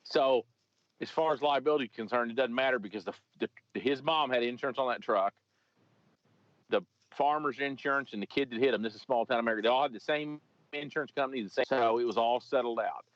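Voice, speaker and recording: A man's voice: medium pitch, fast. A man, a former police officer, telling a story in a casual, comedic, rambling way, swearing and restarting his sentences. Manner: rambling, profane, lots of restarts. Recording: dry, slightly muffled podcast audio.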